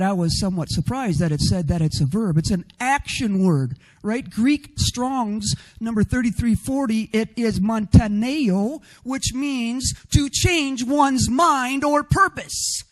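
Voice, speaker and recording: A male preacher with a strikingly high voice delivers an expressive sermon. He swells to loud, fervent passages and keeps checking in with his listeners by asking "right?". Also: a little slow. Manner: rhetorical "right?" asides.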